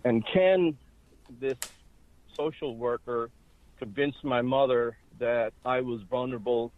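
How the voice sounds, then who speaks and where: A man's voice: medium pitch, slow pace. A man in his sixties from Ireland with a Boston accent, telling a personal story steadily in a phone interview. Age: 60s. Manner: steady, conversational storytelling with fillers. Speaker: guest. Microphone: phone call. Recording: dry, tinny phone line.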